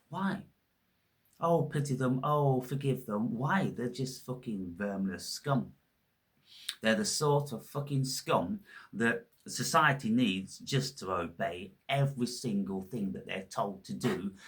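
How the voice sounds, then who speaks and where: A man's voice: on the low side, a bit bright. A man hosting his own channel, ranting in a scornful, heavily profane monologue. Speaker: channel host.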